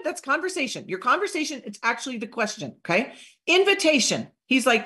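A woman giving an energetic live training on sales follow-up, acting out short sample conversations in an upbeat voice. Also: high-pitched, fairly quick. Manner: energetic, upbeat coaching with acted-out sample dialogue. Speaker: network marketing trainer.

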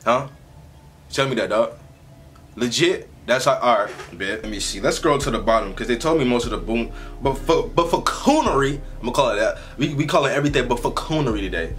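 A man's voice: medium pitch, a little fast. Slangy young man hosting a reaction vlog. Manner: slangy, animated, rambling with filler. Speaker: reaction video host.

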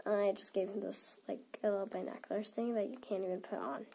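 A woman's voice: mid-range voice, fairly even intonation, a little fast, vocal fry, mellow, breathy edge. A teenage girl chatting to camera as she unboxes toys, giggling and rambling with a stuffy nose. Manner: giggly and rambling, many "like" fillers. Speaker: toy unboxing vlogger. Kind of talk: casual chat to camera.

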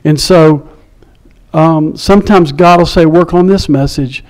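Man, pastor, sermon, storytelling, slightly high voice, conversational. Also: measured pace. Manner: conversational storytelling, drops to a hush for quiet moments.

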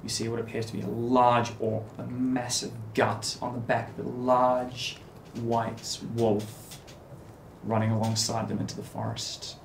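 A man running a tabletop game as game master, narrating scenes in a relaxed way with fillers. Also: mid-range voice, a little slow, gravelly, a little hiss or hum. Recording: echoey room.

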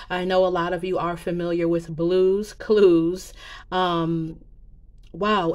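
A woman making psychic predictions in a casual vlog, talking slowly in a rambling way with many fillers and restarts. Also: mid-range voice. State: emotional, near tears. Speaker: psychic vlogger.

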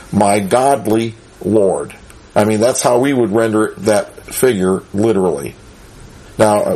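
A man's voice: fairly low pitch, darkish tone, husky. A man giving a conversational Bible lesson, chuckling often and asking his listeners rhetorical questions. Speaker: Bible teacher.

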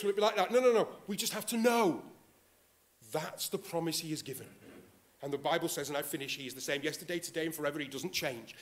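Man, pastor, sermon in church, fairly high voice, earnest, animated emphasis, quiet low asides.

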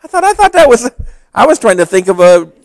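A man's voice: very high-pitched, sing-song, a little fast, vocal fry, dry recording. A man preaching a sermon, telling a story and then building to emphatic, urgent exhortation. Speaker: pastor.

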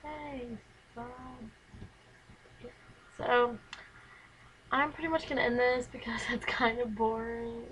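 Teen girl vlogger, rambling chatter into the camera mic in her bedroom, slightly high voice, faint hiss. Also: little pitch movement, slow pace, long pauses, fairly bright tone, rough recording. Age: teens. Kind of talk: casual chat to camera.

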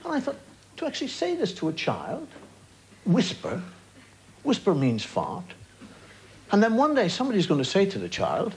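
Captured on a studio broadcast mic in a rough old TV recording full of loud hiss and studio laughter, an Irish man in his fifties is a chat show guest. He speaks at normal speed in a high voice with vocal fry, often pausing, as he spins animated anecdotes with wry asides and performs the punchlines for the audience.

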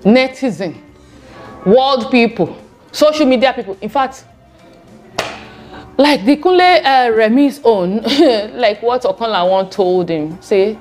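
A woman's voice: fairly high pitch, lively intonation, slow, pauses often, a little mellow, faint music behind. A woman from Nigeria hosting a channel, talking chattily to viewers and repeating "okay" often. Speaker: channel host. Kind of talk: casual vlog commentary.

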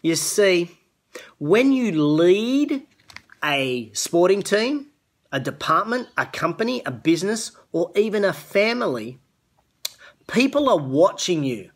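A middle-aged man with an Australian accent delivers an earnest motivational talk to camera. His voice sits somewhat high for a man, and he talks like a coach urging his listeners. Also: sing-song, a little slow, fairly bright tone, slightly rough. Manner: earnest, coaching, greets viewers by name. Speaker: host of a business show. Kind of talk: live-streamed motivational talk.

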